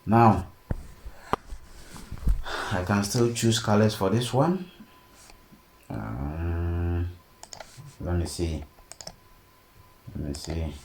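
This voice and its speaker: A man teaching a design software tutorial step by step and often checking in with "okay?". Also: low voice, extremely slow, pauses often. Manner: steady step-by-step explaining, frequent "okay?" check-ins. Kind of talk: screen-recorded tutorial narration. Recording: echoey room, faint background noise.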